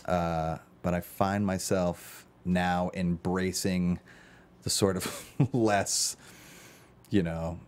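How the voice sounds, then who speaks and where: A man's voice: low-pitched, steady tone, extremely slow, a little mellow, clean tone. A man from Chicago, an actor as a guest, chatting casually in a studio interview and telling rambling, jokey stories.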